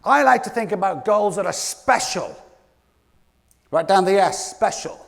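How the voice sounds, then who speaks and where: A British man giving an energetic, playful motivational keynote as a leadership coach, calling out to the audience from a conference stage. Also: high-pitched, unhurried, gravelly, in a large hall. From Britain.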